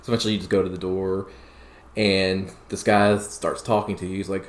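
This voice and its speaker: Low-voiced male co-host, easygoing storyteller, roomy mic sound. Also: level tone, a little fast. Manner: laid-back storytelling with laughs. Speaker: podcast co-host. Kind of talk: casual gaming podcast recap. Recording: roomy with faint noise.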